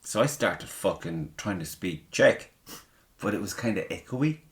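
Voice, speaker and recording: Blunt, swearing Cork man, low voice. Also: animated, a little slow. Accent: Cork Irish. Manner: blunt, heavy swearing, emphatic opinions. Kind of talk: casual chat.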